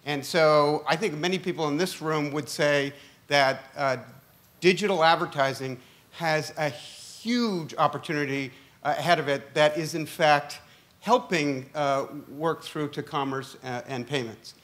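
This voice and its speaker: A man's voice: a little high, a little slow, a bit bright. A man moderating an onstage discussion, asking long, rambling questions full of fillers with a joking edge. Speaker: conference moderator. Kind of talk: onstage conference Q&A.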